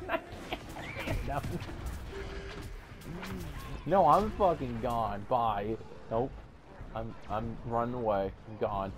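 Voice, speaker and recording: A man streaming gameplay, swearing and yelling in frustration at enemies. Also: mid-range voice, takes it slowly, pauses often. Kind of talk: live gameplay commentary. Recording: game music behind voice. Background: game music.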